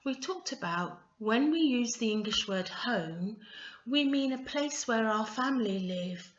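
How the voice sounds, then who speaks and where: Slow, patient woman teaching English. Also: on the high side, fairly bright tone, roomy sound, lo-fi sound. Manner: slow, patient, stressing each word. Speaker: English tutor. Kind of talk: recorded English lesson.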